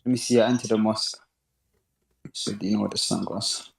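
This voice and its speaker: An earnest man calls into a live debate and reads out his argument. His voice is gravelly and sounds roomy, as if he were in a bare room with echo. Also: on the low side, fairly even intonation, a little fast. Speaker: caller in a debate. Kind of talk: reading and arguing on a live call.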